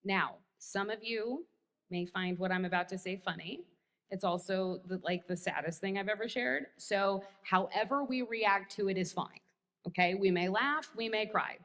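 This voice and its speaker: An American female pastor preaches in a church sanctuary, her slightly high voice sounding pushed and bright. She tells a story with wry, self-deprecating humor, and a long hall reverb fills the recording.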